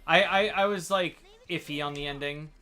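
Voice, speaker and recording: A man's voice: a little high, normal speed, bright, forceful tone, soft background music. A young man co-hosting a casual gaming stream chat, easygoing and agreeable, swearing casually. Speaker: co-host.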